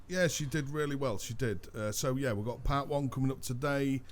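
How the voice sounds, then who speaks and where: A man's voice: mid-range voice, a little fast, a little hiss or hum. A man hosting a podcast, bantering casually with a co-host, swearing and teasing.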